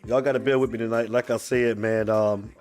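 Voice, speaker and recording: A man hosting a live fan show, feeling under the weather and calling out viewers' names in a casual, animated chat. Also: mid-range voice. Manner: drawn-out greetings, animated, calls out commenters by name. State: a little sick, under the weather.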